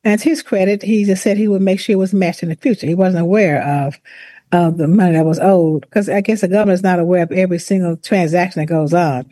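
A woman recounts her career in a measured, deliberate way, often pausing and restarting. Her voice is warm and mellow. The recording is close and dry, with no room sound. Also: lowish voice, steady tone, no room sound. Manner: deliberate, reflective, with restarts and laughs. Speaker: former university president, author. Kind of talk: interview, personal account.

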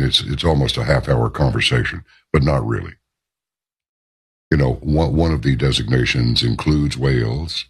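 Super low raspy guy on talk radio, rambling opinion monologue, lots of asides. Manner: emphatic, rambling with asides and rhetorical questions. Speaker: radio talk show host.

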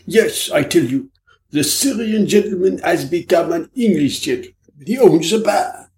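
Man reading as a teasing foreign detective, halting broken English, higher voice, storybook. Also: lively intonation, a little mellow, reverberant. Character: pompous foreign male detective, playful.

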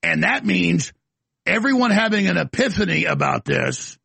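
Man, talk-show host, ranting monologue, husky, raspy, emphatic, studio mic. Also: sits high, big pitch swings, normal speed, bright, forceful tone, no echo. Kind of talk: impassioned talk-radio monologue.

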